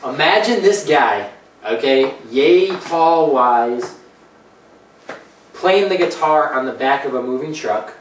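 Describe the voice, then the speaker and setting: A man's voice: a little high, animated, slow pace, a little hiss or hum. A man hosting a casual comedy gaming show, rambling and jokey, often slipping into put-on voices. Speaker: host. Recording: echoey room, mic at a distance, faint ambience.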